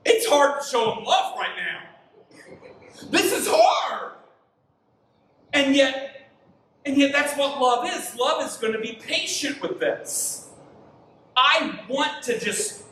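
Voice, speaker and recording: A man in his thirties preaching a sermon, telling a family story with acted-out dialogue and sudden shouted lines. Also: very high voice, expressive, a little slow, pauses often, reverberant, recorded from a distance, a little hiss or hum, low-quality recording. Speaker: pastor. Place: church hall.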